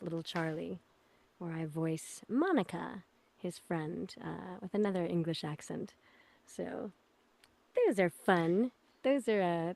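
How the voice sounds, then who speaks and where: A woman's voice: on the low side, a little mellow, no echo. Chatty woman voice actor, dry close sound. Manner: bubbly, laughs, demonstrates voices. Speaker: voice actress guest. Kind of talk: casual interview chat.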